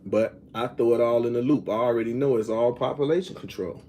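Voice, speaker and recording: Middle-aged guy rambling to his viewers, warm low-key voice, keeps asking if you get him. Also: fairly quick, a little hiss or hum. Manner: rambling, repeats "you know what I'm saying"; reads viewer comments aloud. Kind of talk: casual opinion talk to viewers.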